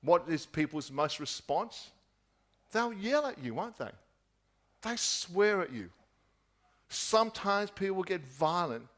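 A man preaching a sermon at an unhurried pace, his voice sitting high for a man. He leans on rhetorical questions and repeats them. He lets the ends of his points fall away quietly. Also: sing-song. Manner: rhetorical questions, repeating phrases, dropping soft at key points.

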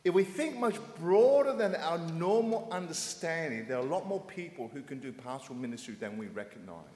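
Animated male preacher in an echoey hall. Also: fairly high pitch. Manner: speaks in short phrases, pausing for the interpreter. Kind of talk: sermon with live interpretation. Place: church hall. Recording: echoey hall with long reverb.

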